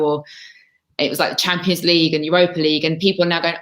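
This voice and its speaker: A woman's voice: low voice, little pitch movement, quick pace. A woman speaking frankly as a guest on a webinar panel, heard over a video call. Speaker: panel guest, TV camera operator.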